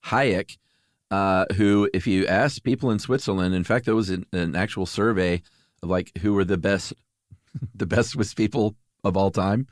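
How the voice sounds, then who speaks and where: A man's voice: sits low, normal speed, dry recording, clean studio sound. A man co-hosting a podcast in casual chat, easygoing and chuckling, with many fillers. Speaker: podcast co-host.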